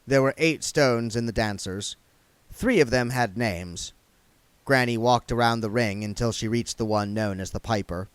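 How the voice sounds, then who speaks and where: A man reading a comic novel aloud in lively, expressive narration. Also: mid-range voice, moderate pace, clear, resonant tone, dry recording. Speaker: reader.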